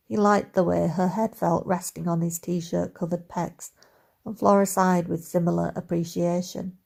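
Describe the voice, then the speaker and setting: Gravelly, low-voiced woman narrator. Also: darkish tone. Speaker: audiobook narrator. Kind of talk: audiobook narration of a romantic comedy.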